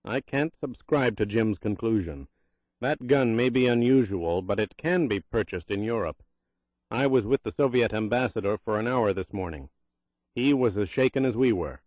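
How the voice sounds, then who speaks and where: A man's voice: fairly low pitch, animated, normal speed, a little mellow, no room sound, lo-fi sound, lightly acted. A man voicing a formal, objecting diplomat. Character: objecting male Secretary of State, diplomatic.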